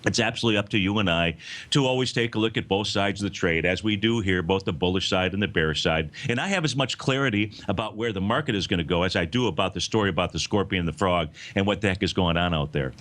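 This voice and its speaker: A man's voice: sits low, fast, fairly bright tone. A man hosting a live financial talk show, speaking to listeners in a folksy, emphatic way.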